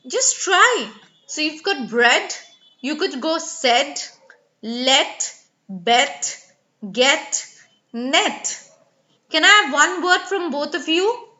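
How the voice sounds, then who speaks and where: A woman's voice: high-pitched, pushed and bright, muffled recording. A woman teaching English pronunciation in a live online class, carefully enunciating sample words and coaxing students by name. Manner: clearly enunciating model words.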